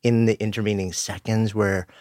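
Man, host, deep voice, fast talker, dry close sound. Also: little pitch movement, darkish tone, no room sound. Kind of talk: casual interview chat.

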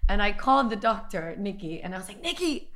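A woman co-hosting a podcast, telling a personal story in casual chat, animated and quick to laugh. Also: medium pitch. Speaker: podcast co-host.

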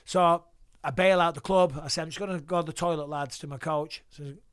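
A man's voice: on the high side, brisk, clean tone, no room sound, studio quality. A man, a podcast guest telling stories casually and swearing freely. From England. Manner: profane, lively anecdotal storyteller. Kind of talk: casual storytelling interview.

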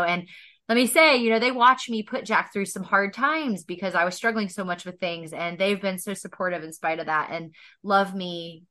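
A woman guest on a podcast interview telling heartfelt personal stories, animated and laughing often as she talks. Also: fairly low pitch.

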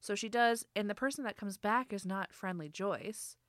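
A woman's voice: medium pitch, normal speed, no room sound. A young adult woman casually telling a story, quoting the people involved and laughing as she goes. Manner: animated storyteller, laughs often, quotes people in her own voice. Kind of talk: casual anecdote.

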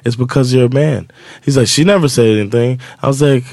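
A man's voice: medium pitch, fast, dry recording, clean studio sound. A man co-hosting a podcast, telling a long personal story in casual chat and acting out what others said. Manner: animated storytelling, acts out quoted dialogue. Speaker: podcast co-host.

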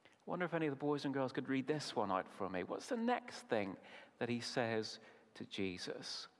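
A man preaching at a family service, asking the children questions and praising their answers in an animated way. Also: mid-range voice, moderate pace. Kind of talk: children's talk in a sermon. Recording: long reverb of a large hall.

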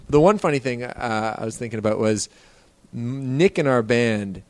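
A man's voice: mid-range voice, moderate pace, a little mellow, no room sound. Rambling man telling tour stories. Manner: rambling storyteller who acts out other people's lines. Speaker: podcast co-host and touring musician. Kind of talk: casual podcast chat.

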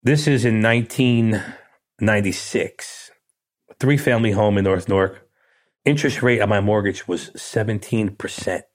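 A man's voice: lowish voice, moderate pace. A middle-aged man, a guest in a casual interview, telling a story with blunt, streetwise talk and acting out the dialogue. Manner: animated storyteller who acts out quoted dialogue.

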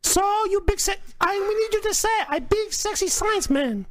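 Guy doing a squeaky flirty lady voice, broken english, pushy, dry close sound. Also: lively intonation, moderate pace, no echo. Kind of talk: prank call.

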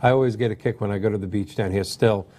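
A man's voice: fairly low pitch, fairly even intonation, quick pace, mellow. A middle-aged man from New York hosting a casual chat, joking and asking his guest questions. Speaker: host. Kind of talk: casual talk show chat.

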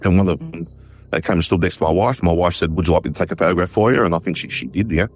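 An Australian man, a war historian, telling a story in an interview with lively retold dialogue and frequent restarts. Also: deep voice, rapid-fire, soft background music. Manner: animated, retells conversations in quoted dialogue, frequent restarts.

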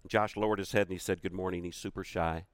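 A man's voice: sits low, steady tone, fast, no room sound. A middle-aged man giving a storytelling keynote talk, acting out the quoted voices of the people in his story. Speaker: keynote speaker.

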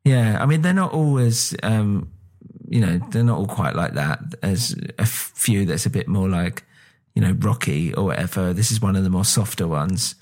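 A man's voice: deep voice, expressive, normal speed, a little mellow. A man with a British accent chatting casually on a podcast, rambling with lots of fillers and casual swearing. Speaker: podcast co-host. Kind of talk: casual chat.

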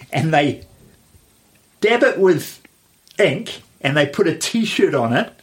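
Rambling New man, slightly high voice. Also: expressive, slow pace. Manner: rambling, with many fillers and restarts. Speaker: podcast co-host. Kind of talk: casual chat.

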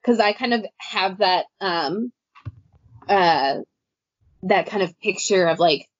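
A woman's voice: medium pitch, takes it slowly, no echo. Rambling woman podcaster, dry lo-fi sound. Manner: rambling, many "like" fillers, laughs easily. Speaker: podcast co-host. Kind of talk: casual book discussion. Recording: dull dry lo-fi audio.

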